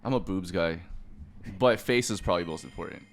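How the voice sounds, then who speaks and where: A man's voice: sits low, brisk, vocal fry, faint music behind. A man chatting as a podcast guest, blunt and matter-of-fact. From Hacienda Heights, California. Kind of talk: casual chat.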